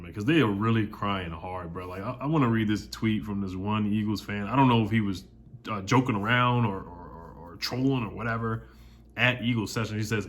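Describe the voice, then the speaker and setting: A young man hosting a casual sports vlog, fired up and mocking rival fans, often repeating himself. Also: on the low side. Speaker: sports channel host.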